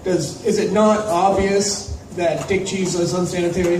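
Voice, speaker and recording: In a small, echoey club, a comedy host from Ontario, Canada banters crudely and teasingly with the audience. His high voice has fairly even intonation and a slightly slow pace, recorded from far off with faint noise.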